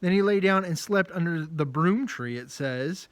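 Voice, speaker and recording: A man, a children's pastor, telling a Bible story in a lively, casual and joking way. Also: on the high side, normal speed, clear, resonant tone, dry recording.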